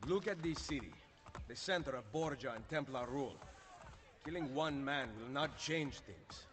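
Man as a grounded master assassin, earnest and measured, mid-range voice. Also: medium pitch, fairly bright tone, natural voice. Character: resolute male master assassin, adult.

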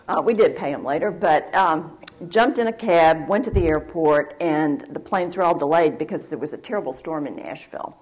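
A woman speaks on a panel at a university event. Her voice sits low, and she tells her story in a lively way, acting out each quote. She speaks into a mic at the event. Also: brisk. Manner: lively anecdotal telling, acts out quotes. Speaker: panel speaker, former wire reporter.

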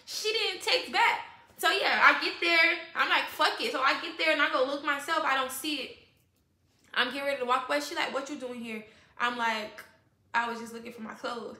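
Woman vlogger, high and sharp-toned, animated profane storyteller, roomy echo. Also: brisk. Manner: animated, profane, talks straight to viewers. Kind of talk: casual storytime vlog.

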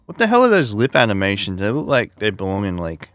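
A man hosting a let's play, talking in a low voice with lively ups and downs. He is laid-back, swears casually and laughs often. Game music sits faintly underneath. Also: fast, no room sound. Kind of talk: casual gameplay commentary.

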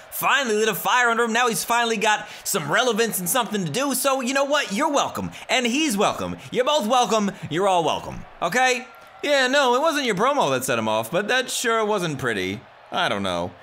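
A man's voice: sits high, sing-song, normal speed, bright, forceful tone, a little hiss or hum. A young man commenting on a wrestling game, reading promos aloud with mocking trash talk. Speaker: gaming YouTuber. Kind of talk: let's play commentary.

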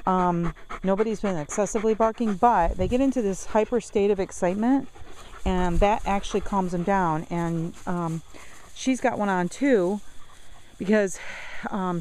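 A woman who owns several dogs, chatting casually outdoors on a windy, chilly day. She switches between coaxing baby talk and sharp commands. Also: fairly low pitch, rough recording. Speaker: dog owner. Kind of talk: casual vlog chat.

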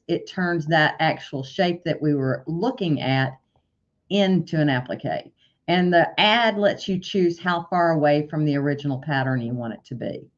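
A woman walking through embroidery software step by step in a tutorial, stopping now and then to correct herself. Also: deep voice. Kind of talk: screen-share software tutorial. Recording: dull lo-fi sound.

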